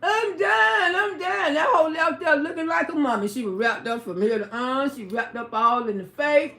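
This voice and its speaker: Livestream host, female, high bright voice, swears freely while she tells a story, echoey room. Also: fairly quick. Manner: profane, animated, emphatic retelling. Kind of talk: casual storytelling to a live audience.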